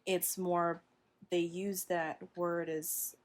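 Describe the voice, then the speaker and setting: A woman's voice: fairly low pitch, little pitch movement, very slow. A woman interviewing her aunt for her thesis, asking curious questions and filling gaps with "like". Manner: curious, prompting questions with many likes. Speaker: interviewer, graduate student. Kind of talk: casual family interview.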